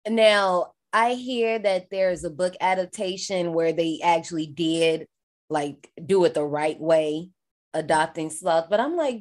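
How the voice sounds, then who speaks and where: A woman's voice: fairly low pitch, unhurried. A woman, co-hosting a casual chat, talking expressively with lots of laughter. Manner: expressive, laughing, dialect-heavy speech. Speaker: podcast co-host. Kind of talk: casual chat recapping a film.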